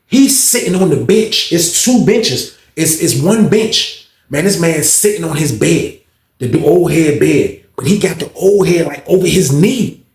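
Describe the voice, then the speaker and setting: A man telling a story in casual slang, animated and acting out other people's voices. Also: on the high side, measured pace, echoey room.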